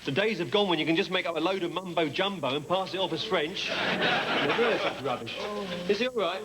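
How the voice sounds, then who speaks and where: A man playing a loud, mocking male headmaster, in a comedy sketch. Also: high-pitched, animated, a little fast, slight background noise. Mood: brash. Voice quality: loud, mocking, rough-edged. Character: brash cockney male headmaster prankster. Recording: loud audience laughter behind.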